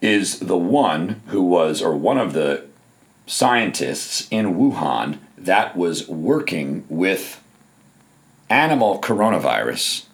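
A man hosting a political commentary podcast in a hoarse, scratchy, low voice, making his points emphatically and stacking up repeated phrases. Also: big pitch swings, slow pace. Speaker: podcast host.

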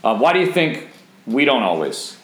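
A man's voice: mid-range voice, big pitch swings, normal speed, a bit bright. Man teaching a Bible study, roomy echo. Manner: conversational, asks the group questions and jokes. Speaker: young singles Bible study leader.

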